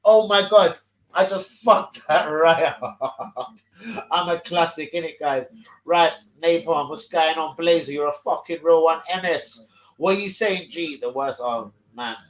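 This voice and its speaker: A man hosting a live stream, talking loudly and excitably and swearing a lot. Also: on the high side. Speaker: stream host. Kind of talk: casual live stream chat. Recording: roomy echoey room.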